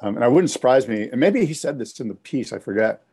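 A man's voice: medium pitch, animated, quick pace, a little mellow, husky. A man co-hosting a casual podcast, talking enthusiastically in a loose, rambling way. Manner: enthusiastic, rambling, with frequent restarts and "you know". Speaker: podcast co-host.

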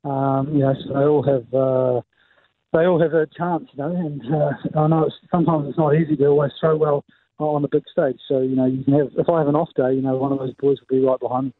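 A man's voice: medium pitch, level tone, quick pace, no room sound. Laid-back New man on a phone line. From New Zealand. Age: 20s. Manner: laid-back, fills speech with "mate" and "you know". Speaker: athlete guest. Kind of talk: radio phone interview.

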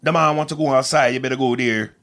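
A man putting on a loud, playful Jamaican accent, talking up and drawling his words. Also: mid-range voice, pitched above the performer's own voice, natural voice. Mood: boisterous. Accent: put-on Jamaican. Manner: boisterous, drawn-out, playful.

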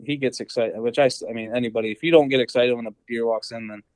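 A man's voice: medium pitch, steady tone, quick pace, darkish tone, no room sound, poor audio. A young man, a podcast guest, telling a hunting story in a rambling casual way, full of fillers and acted-out quotes. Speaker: podcast guest, deer hunter.

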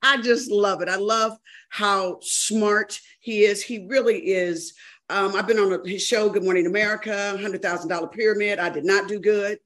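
A woman's voice: medium pitch, fairly even intonation, moderate pace. A woman with a mid-range voice gushes in casual talk show chat. She restarts her sentences often and fills the gaps with "uh" and "you know". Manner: gushing, trailing off into fillers.

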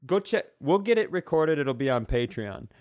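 A man's voice: medium pitch, very animated, normal speed, darkish tone, no room sound. A man co-hosting a podcast, riffing with playful bravado and mock-confident jokes. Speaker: podcast co-host. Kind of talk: casual comedic chat.

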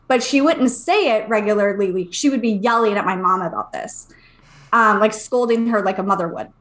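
A woman in her thirties, a podcast co-host, telling a personal story in an animated way, acting out the people she quotes. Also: mid-range voice, moderate pace. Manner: animated, acts out quoted voices, swears casually. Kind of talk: casual storytelling.

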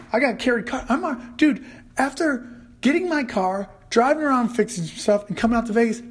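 Animated stand-up comic, man with a raised voice. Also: high-pitched. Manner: animated, swears casually, acts out shouting bits. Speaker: stand-up comedian. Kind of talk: stand-up monologue.

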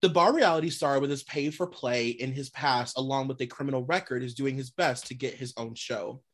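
A woman's voice: a bass voice, a little fast. A woman co-hosting a podcast in casual chat, ranting bluntly with lots of swearing. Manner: blunt, sweary, animated rants with laughs. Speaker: podcast co-host.

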